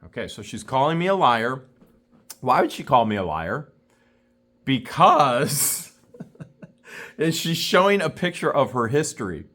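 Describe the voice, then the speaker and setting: A man's voice: mid-range voice, very animated, unhurried, long pauses, a bit bright. A man vlogging an indignant, scornful rant to camera, repeating himself for emphasis. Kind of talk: ranting commentary to camera.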